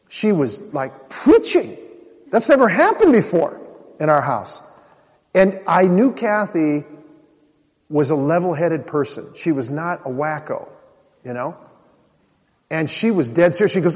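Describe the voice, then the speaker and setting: A man's voice: fairly high pitch, expressive, moderate pace. Earnest man telling his story in a hall. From Minnesota, USA. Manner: earnest storyteller, addresses the crowd directly. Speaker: speaker giving a personal testimony. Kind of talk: personal testimony to an audience. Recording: long hall reverb.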